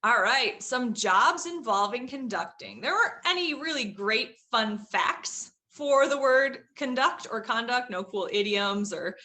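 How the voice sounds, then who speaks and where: A woman's voice: fairly high pitch, lively intonation, measured pace, hardly any pauses, sharp tone. A young woman giving a casual vocabulary lesson, chatty, with frequent fillers and hedges. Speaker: teacher.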